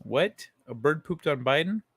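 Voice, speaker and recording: A man in casual late-night chat with his viewers, easygoing and quick to swear or chuckle. His voice sits a little higher than most men's. The sound is close and dry, with no room echo. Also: animated, fairly bright tone, breathy edge. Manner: laid-back, swears freely, chuckles while reading chat. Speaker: livestream host.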